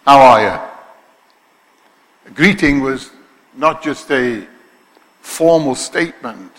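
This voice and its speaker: A man preaching a sermon, his voice bright and forceful. He speaks with emphasis, often putting questions to the congregation. Long reverb from a large church hall hangs behind his words. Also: mid-range voice. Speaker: pastor.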